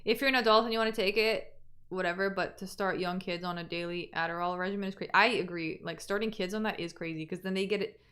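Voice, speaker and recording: A woman's voice: lowish voice, steady tone, fast talker, a bit bright. Chatty young woman streamer. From Canada. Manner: chatty, trailing off and restarting. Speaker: livestream host. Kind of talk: casual livestream chat.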